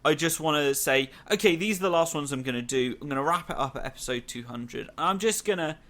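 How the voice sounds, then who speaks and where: Bright-voiced young British man. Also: on the high side. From Britain. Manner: rambling, many "like" fillers, quick bursts. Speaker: podcast host. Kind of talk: casual podcast chat.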